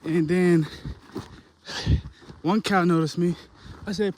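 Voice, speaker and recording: A man's voice: sits high, steady tone, takes it slowly, darkish tone, slight background noise. A young man talking casually to the camera on an outdoor hunting hike, out of breath and rambling in slang. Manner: rambling, slangy, talks to camera while hiking. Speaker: hunting vlogger.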